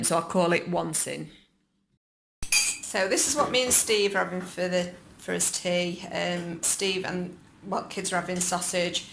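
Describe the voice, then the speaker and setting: A woman's voice: lowish voice, a bit bright, a little hiss or hum. A woman in her thirties with an English accent, chatting casually and rambling with many ums as she vlogs from her dining room at home. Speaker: vlogger. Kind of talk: casual chat. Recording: echoey room.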